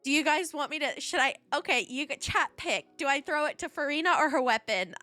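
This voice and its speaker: A woman streaming a game live, talking to her chat and breaking into excited squeals. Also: high voice, a little fast, no room sound, faint music behind.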